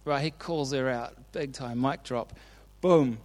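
A man's voice: medium pitch, measured pace, a little mellow. A man preaching a casual sermon, retelling Bible stories in a chatty, informal way and often checking in with his listeners.

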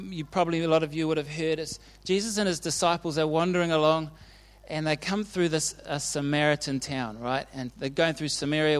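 Chatty preacher with a slightly high voice. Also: male voice. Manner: chatty and informal, often checks in with the audience. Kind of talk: casual sermon retelling Bible stories.

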